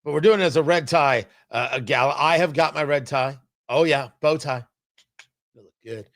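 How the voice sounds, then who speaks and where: Animated high-voiced male radio host. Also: normal speed. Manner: animated, emphatic, mocking impressions. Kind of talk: talk radio commentary.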